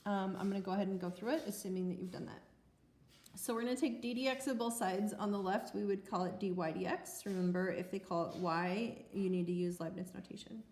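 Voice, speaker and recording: A woman math teacher talks through a recorded lesson in a chatty, self-mocking way. Her voice sits at a middling pitch. It carries a roomy echo. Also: fairly quick, a little mellow. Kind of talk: recorded lecture.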